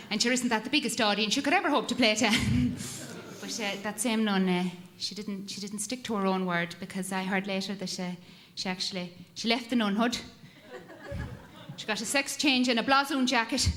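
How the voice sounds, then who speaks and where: A woman's voice: mid-range voice, fairly quick. A woman telling stand-up stories in a chatty way. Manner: chatty storytelling, laughs at her own jokes. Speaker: stand-up comedian. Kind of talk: stand-up comedy. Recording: live show with loud audience. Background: audience noise.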